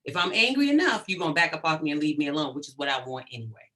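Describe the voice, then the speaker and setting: A middle-aged woman, a psychologist guest in an interview, talking in an animated, emphatic way and checking in often with "right?". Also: low voice, racing. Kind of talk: conversational interview.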